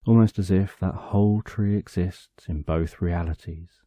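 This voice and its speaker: A man narrating a bedtime story for sleep, calm and drawn out, in short phrases with long pauses. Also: deep voice, no echo, studio quality.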